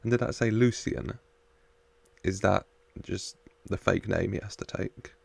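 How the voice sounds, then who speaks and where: A man's voice: on the low side, measured pace, vocal fry, breathy edge, no echo. A man casually reacting to a TV episode, chatting, laughing and muttering asides to the screen. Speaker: reaction video host.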